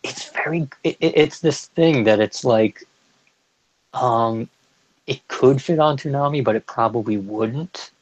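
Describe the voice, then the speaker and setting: A man's voice: medium pitch, measured pace, no room sound, poor audio. A young man co-hosting a podcast in casual chat, enthusiastic and chatty, stumbling through restarts. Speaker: podcast co-host.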